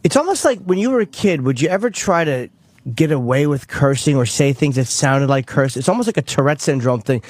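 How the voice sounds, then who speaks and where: Blunt higher-voiced man on talk radio. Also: lively intonation, brisk, darkish tone, no room sound. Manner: blunt, crude, stammering restarts. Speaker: radio show regular. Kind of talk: casual radio banter.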